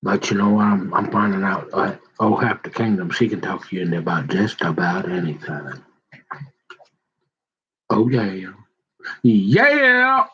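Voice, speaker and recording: A man's voice: low-pitched, fairly even intonation, a little fast, hardly any pauses, a bit bright, husky, lo-fi sound. A tired man, rambling and joking in a casual vlog. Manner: rambling, joking, repeats himself. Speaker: vlogger.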